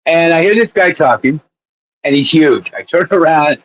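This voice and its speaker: A man's voice: fairly high pitch, expressive, moderate pace, no room sound, muffled recording. A man co-hosting a casual sports chat show, rambling and laughing as he tells stories. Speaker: co-host.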